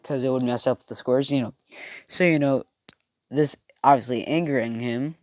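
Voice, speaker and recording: A young man spins a fan story on the fly, loose and rambling, tripping over his words. His voice sits at an ordinary middle pitch, recorded close and dry. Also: no room sound. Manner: rambling, heavy fillers, many restarts. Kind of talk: casual improvised fan story narration.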